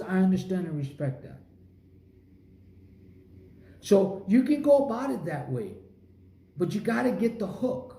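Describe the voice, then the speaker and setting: A man's voice: high-pitched, big pitch swings, measured pace, gravelly, pauses often, warm tone. A man giving a motivational sales coaching talk, emphatic and punchy, with short repeated phrases. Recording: roomy echo.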